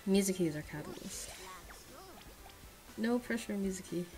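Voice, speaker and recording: A young woman chatting through her gacha pulls in a mid-pitched voice. She sinks into quiet, sighing mumbles, then breaks into sudden high shrieks. Faint music plays in the background. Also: moderate pace, poor audio. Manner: swings from mumbled low sighs to shrieking excitement. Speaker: gacha gaming streamer. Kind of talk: casual gaming commentary.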